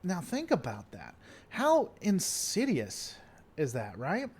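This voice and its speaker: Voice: mid-range voice, wildly swooping pitch, slow pace, a little mellow, slightly rough. A livestream host chatting casually and answering viewer comments, playful and theatrical, often repeating stalling phrases.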